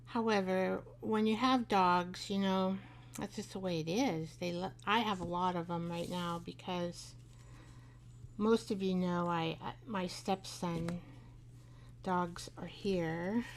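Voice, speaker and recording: A woman's voice: on the low side, fairly even intonation, takes it slowly, slight background noise. A middle-aged woman hosting a live craft show, chatting and rambling as she works, laughing often and talking to her craft pieces. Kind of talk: live craft tutorial chat.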